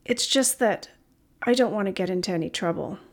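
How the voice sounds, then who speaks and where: A woman reads a frightened young woman in an audiobook story. She speaks hesitantly, voice trembling and slightly gravelly, at a middling pitch. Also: fairly quick. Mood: nervous. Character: nervous young woman turning herself in.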